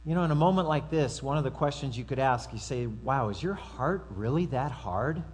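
A man's voice: mid-range voice, expressive, normal speed, darkish tone, slightly rough. A man preaching a sermon to his congregation in a conversational way, with asides and acted-out quotes. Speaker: pastor.

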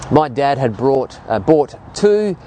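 A man's voice: drawn-out words, a little hiss or hum. A man in his fifties with an Australian accent, preaching a sermon and telling stories to make his point. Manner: animated storytelling preacher, lively rises and drops in pitch.

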